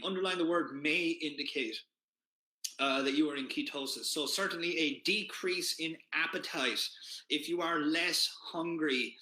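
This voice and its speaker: A man's voice: medium pitch, pushed and bright, reverberant. A man hosting a casual livestream for his online group, reading out viewers' comments and answering them in a chatty way, with many fillers and restarts. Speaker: host of a keto diet group livestream.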